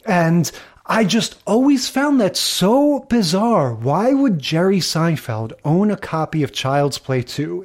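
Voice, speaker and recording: A man's voice: a little high, a little mellow. A man co-hosting a podcast, chatting casually and analytically, drifting into tangents and little theories. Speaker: podcast co-host. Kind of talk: casual chat.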